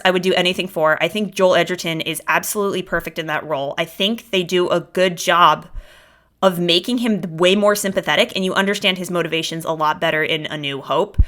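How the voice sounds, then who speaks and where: A young woman talks on her own podcast with a bright, forward tone that sits a little low in pitch. She gushes and rambles, often circling back and restarting her thoughts as she reacts. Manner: gushing and animated, rambling with frequent restarts. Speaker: podcast host reacting to a show. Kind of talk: casual solo reaction commentary.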